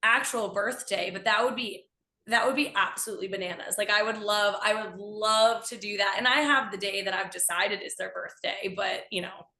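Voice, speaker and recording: A woman's voice: medium pitch, moderate pace, pushed and bright. A woman guest in a casual interview, speaking with enthusiasm and often acting out playful voices in quotes. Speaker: guest, animal communicator. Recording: echoey room.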